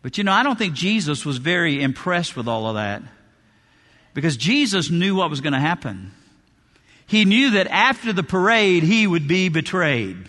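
Pastor preaching in a big reverby church, high bright voice, keeps repeating lines for punch. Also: male voice, sing-song, normal speed. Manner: preaching with emphatic repetition. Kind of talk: sermon. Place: church sanctuary.

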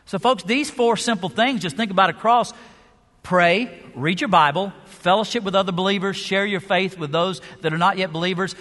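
High, bright-voiced man preaching in a hall. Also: normal speed. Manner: emphatic preaching, varied pace and loudness, rhetorical questions. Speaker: pastor. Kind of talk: sermon. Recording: long hall reverb.

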